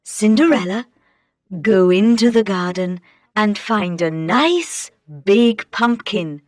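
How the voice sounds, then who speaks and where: Brief: kind fairy godmother, slow and soothing, dry close sound, read by a woman. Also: medium pitch, dry recording. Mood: gentle. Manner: calm, slow, reassuring.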